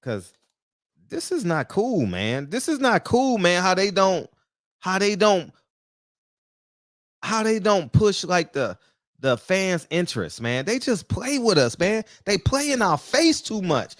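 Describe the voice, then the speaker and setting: A man's voice: high-pitched, sing-song, a little slow, dry recording, studio quality. A man hosting a commentary show, ranting heatedly and firing off rhetorical questions. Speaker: boxing commentary host.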